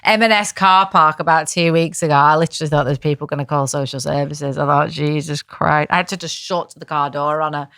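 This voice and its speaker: A British woman telling a story in animated, blunt casual chat, swearing freely. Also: low-pitched, fairly quick, few pauses, dry recording, studio quality.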